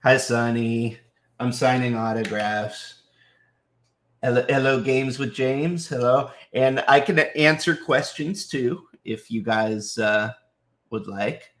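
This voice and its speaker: A man hosting a live autograph signing, chatting casually and greeting viewers by name, slightly sick so his voice sits a little deeper than usual. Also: steady tone, takes it slowly, fairly bright tone. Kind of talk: casual livestream chat.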